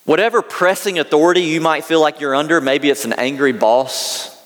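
A man's voice: on the high side, normal speed, fairly bright tone, big-room sound. A man with a Southern US accent preaching a sermon as pastor, mixing scripture reading with folksy, conversational asides.

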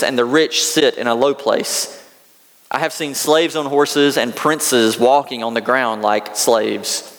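Southern pastor preaching in a reverberant hall. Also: male voice, mid-range voice, fairly bright tone. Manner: conversational, folksy asides. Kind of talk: sermon.

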